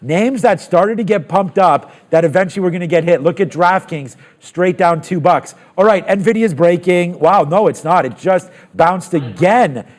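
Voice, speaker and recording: A man hosting a live trading stream, talking through trades with excited asides and plenty of fillers. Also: high-pitched, moderate pace, few pauses. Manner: excitable, thinks aloud with fillers. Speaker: trading show host. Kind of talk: live market commentary.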